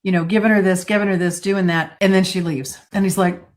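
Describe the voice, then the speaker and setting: A woman's voice: lowish voice, fairly even intonation, fairly quick. A woman emphatically giving relationship advice. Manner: emphatic, instructive. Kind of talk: advice talk.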